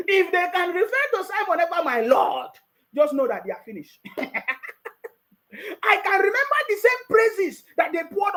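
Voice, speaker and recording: A man's voice: extremely high pitch, fairly bright tone, poor audio. A Nigerian man giving casual political commentary, mocking and laughing often, repeating his words.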